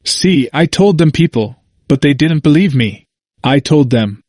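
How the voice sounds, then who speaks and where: A man's voice: a little high, expressive, unhurried, a little mellow, no room sound, clean studio sound. A man voicing a confused, frightened old man. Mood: emphatic. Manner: emphatic, repetitive, plain-spoken dialect. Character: confused, frightened older man, pleading and defiant.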